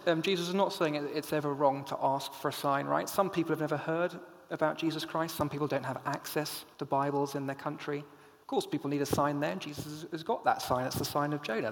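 A man delivers an earnest, emphatic sermon, his fairly high voice rising and falling with lively swings. A gravelly edge runs through it, and the church gives his words a long, ringing reverb. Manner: earnest, emphatic preaching with rhetorical questions. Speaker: pastor.

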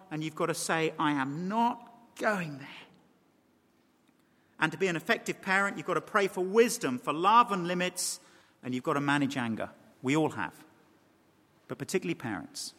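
Bright high-voiced preacher in a hall. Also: male voice. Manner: animated, emphatic, addresses the congregation directly. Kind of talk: sermon. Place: large church. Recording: long hall reverb.

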